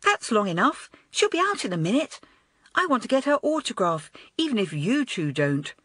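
A woman voicing a hot-headed, excitable schoolgirl who talks in an eager, impulsive rush. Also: high voice, unhurried, no echo, studio quality, pitched above the performer's own voice, heavily acted.

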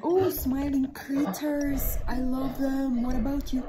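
A very high-pitched, jittery jester girl played by a woman gasps and exclaims her way through a reaction video, frightened one moment and delighted the next. She talks slowly and drawn out. Loud music plays under her voice. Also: level tone, poor audio. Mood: excitable. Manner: gasping, exclaiming, easily scared. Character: young woman jester, anxious and excitable. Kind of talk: character reaction commentary.

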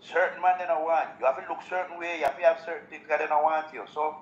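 A man's voice: a little high, flat delivery, fast talker, lo-fi sound. Jamaican man chatting casually, roomy echo. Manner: easygoing patois, laughs often. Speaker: live show host. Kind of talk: casual chat. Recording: roomy echo, faint background noise.

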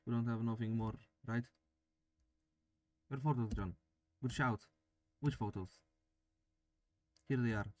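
A man's voice: mid-range voice, fairly even intonation, unhurried, long pauses, darkish tone, slight background noise. A man playing a video game, reading the on-screen text aloud and joking between lines. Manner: reads game text aloud and jokes with himself. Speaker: let's play gamer.

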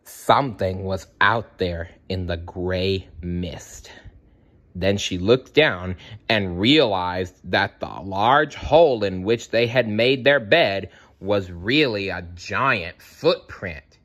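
Male storybook narrator, unhurried, dramatic and lively reading. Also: deep voice. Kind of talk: storybook read-aloud.

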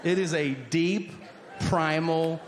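A middle-aged man telling a stand-up story with an animated, exasperated delivery. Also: on the high side, slow. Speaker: stand-up comedian. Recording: noisy live comedy club.

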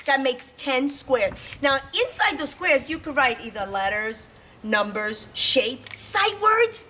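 A preschool teacher, a woman, talking brightly to little children in a cheerful sing-song. Her voice sits a little high and has a bright, clear edge. There is a faint hiss behind her. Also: big pitch swings, slow. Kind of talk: lively lesson for young children.

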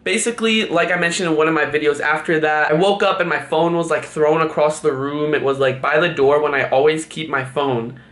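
A young man with a Californian accent vlogging casually, excitable and full of "like". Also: on the high side, brisk, few pauses, echoey room. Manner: excitable, says "like" a lot, gets scared and loud. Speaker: YouTube vlogger. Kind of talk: casual vlog talk. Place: room at home.

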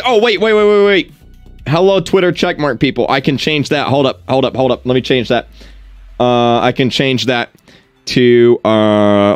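A young man streaming live, overjoyed and repeating the same excited exclamations again and again. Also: mid-range voice, unhurried, no echo, faint music behind. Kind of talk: live gaming stream reaction.

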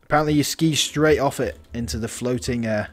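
In a mid-range voice and at a brisk clip, a gaming channel host gives casual let's-play commentary on a building game. He thinks aloud and keeps restarting his sentences.

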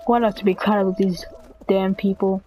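A woman comments casually on her own gameplay at a mid pitch. She is giggly and laughs nearly nonstop. She gets excitable fast and shouts at the players in her way. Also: a little hiss or hum, poor audio. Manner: excitable, yells at other players. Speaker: gaming video creator.

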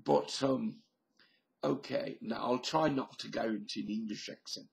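Slow, gravelly man musing to a webcam. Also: medium pitch. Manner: slow, musing, thinks aloud with many pauses and fillers. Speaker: vlogger. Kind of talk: rambling solo webcam monologue.

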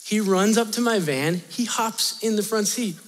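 A man as youth pastor, telling a story in an animated, chatty sermon to students, often laughing and talking straight to them. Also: high-pitched, normal speed, slight background noise. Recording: long reverb of a large hall.

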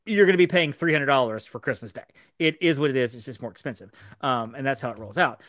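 A man co-hosting a podcast in a studio, explaining things in a fast, animated way with lots of fillers. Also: medium pitch, no echo. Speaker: podcast co-host. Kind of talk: casual podcast chat.

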